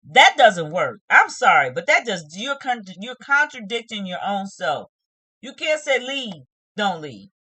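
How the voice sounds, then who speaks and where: A woman's voice: medium pitch, sing-song, a little slow, sharp tone, husky, dry recording. A woman giving a casual, emphatic recap of a reality show, scolding the people in it and acting out what they said. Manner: emphatic, scolding, retells scenes with acted quotes.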